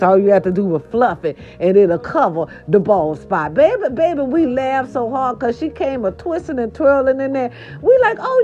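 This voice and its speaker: A woman vlogger telling a chatty story to her viewers, animated and sassy, calling them "baby". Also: medium pitch. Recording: dull lo-fi sound with faint music behind. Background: faint music.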